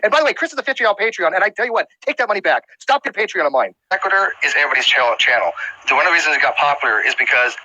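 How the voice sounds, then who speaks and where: A man's voice: a little high, very animated, racing, sharp tone, slight background noise, rough recording. A man hosting a livestream show who argues in an angry, swearing rush, firing demands at a caller. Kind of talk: heated livestream argument.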